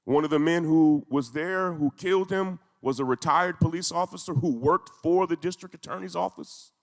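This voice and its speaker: A man's voice: fairly high pitch, moderate pace. A man giving an emotional, intense talk, telling a story with rising emphasis. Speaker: speaker. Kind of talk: emotional speech to a congregation. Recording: echoey hall.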